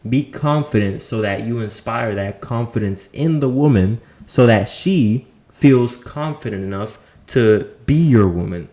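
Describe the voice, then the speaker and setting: Male dating coach, mid-pitched, blunt and profane, preaches in punchy rhetorical bursts to camera. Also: darkish tone. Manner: punchy emphatic delivery. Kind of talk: motivational monologue to camera.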